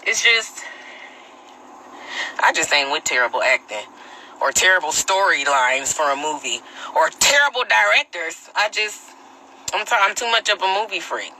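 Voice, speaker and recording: A woman's voice: fairly low pitch, very animated, moderate pace, long pauses, pushed and bright, a little hiss or hum, poor audio. A woman hosting her own phone livestream, ranting bluntly in slangy casual talk and answering viewer comments. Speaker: livestream host.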